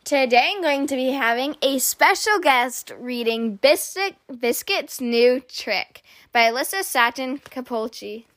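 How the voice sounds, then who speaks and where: A woman's voice: high-pitched, lively intonation, unhurried, few pauses, a bit bright. A woman hosting a children's story show, chatting casually and calling her listeners "guys". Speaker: host of a children's story channel. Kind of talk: casual show intro and outro.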